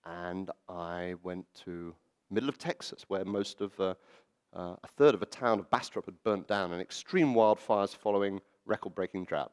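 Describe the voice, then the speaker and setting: A man giving a storytelling talk at a public event, animated and fond of acting out quoted voices. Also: low voice, normal speed, clear, resonant tone. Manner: animated, acts out quoted voices and laughs at his own stories. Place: library event hall.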